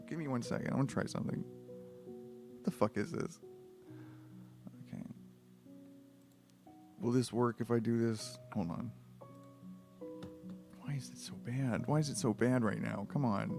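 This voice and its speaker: A man's voice: mid-range voice, normal speed, creaky, long pauses, mellow, soft background music. Rambling, foul-mouthed man reading aloud. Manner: rambling, profane, exasperated asides. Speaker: streamer reading a book aloud. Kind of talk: comedic read-aloud livestream.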